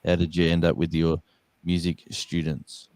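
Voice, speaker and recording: A man's voice: deep voice, monotone, normal speed, creaky, a little mellow, no room sound. A man with an Australian accent chatting casually as a remote guest. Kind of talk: casual chat.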